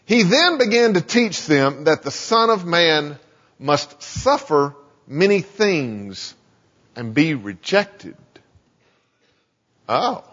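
A pastor delivers a sermon in a husky voice whose pitch rises and falls in a lively way, speaking conversationally to his listeners. He takes it slowly with long pauses, and the dull, lo-fi audio carries a long reverb from a large hall.

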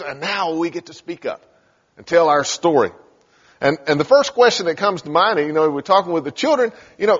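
A pastor preaches a sermon, telling scripture stories and acting out the lines. His voice sits a little high, fairly bright and slightly rough, and he moves at a fairly quick pace. The sound is dull and echoes through a large, reverberant hall.

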